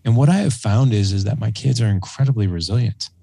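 Earnest forties man, low mellow gravelly voice, halting and heartfelt. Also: dry recording. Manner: earnest, halting, self-correcting. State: choked up at times. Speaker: podcast guest. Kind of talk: emotional personal conversation.

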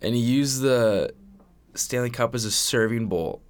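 A young man from Canada co-hosting a podcast in casual chat, crude and animated, swearing often. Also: mid-range voice, a little slow. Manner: crude, animated, swears a lot, does impressions. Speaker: podcast co-host.

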